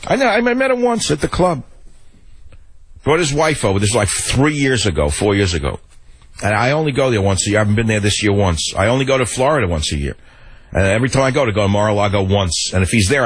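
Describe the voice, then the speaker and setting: An older man rambles through a talk radio monologue. His voice is low and husky, with gruff, animated asides. The studio sound is close and dry. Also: dry recording, low-quality recording. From the Bronx, New York.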